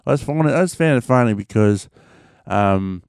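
A man's voice: mid-range voice, expressive, normal speed, a little mellow, clean tone, no echo, studio quality. A young Australian man chatting casually on his own show, rambling with lots of fillers and the odd swear word. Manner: rambling, many fillers and restarts, mild swearing. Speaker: podcast host. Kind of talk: casual solo chat.

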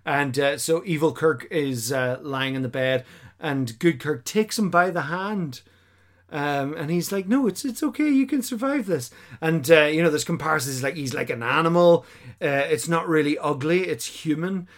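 A man hosting a casual podcast chat, animated and acting out quotes in silly voices. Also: fairly high pitch, normal speed. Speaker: podcast host.

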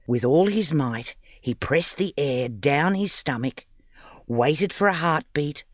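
A man narrating a children's audiobook story in an expressive, playful reading. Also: a little high, slow, no room sound, clean studio sound.

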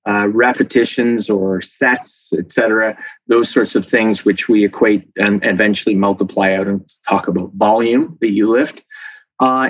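Chatty professor, dull dry recording. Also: male voice, medium pitch, no echo. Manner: lively, chatty explainer with frequent fillers. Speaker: professor and guest expert. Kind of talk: casual interview talk.

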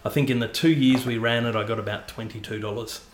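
Chatty podcast host in an echoey room. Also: male voice, medium pitch, fairly even intonation, fast, noisy background. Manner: chatty, self-mocking, rambling with fillers. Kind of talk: casual podcast chat.

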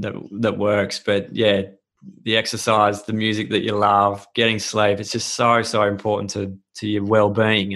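A man's voice: on the low side, fairly bright tone. A man hosting an interview, agreeing and summing up with frequent restarts and repeated words. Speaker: host. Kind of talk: casual interview chat.

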